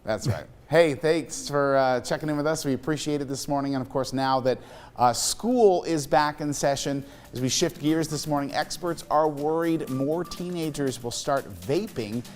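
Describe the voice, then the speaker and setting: A man's voice: a little high, moderate pace, faint music behind. A man anchoring a morning news show, reading stories and chatting with co-hosts in an upbeat way.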